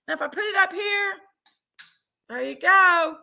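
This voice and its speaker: A woman hosting a casual livestream chat from home on a webcam mic, loud, laughing and bawdy. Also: very high voice, a little slow, gravelly. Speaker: livestream host. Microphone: computer webcam mic.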